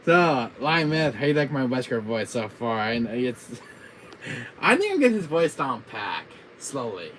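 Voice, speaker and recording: A man casually chatting with his viewers on a gaming live stream, giggly and excitable. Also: medium pitch, unhurried, a little hiss or hum, poor audio.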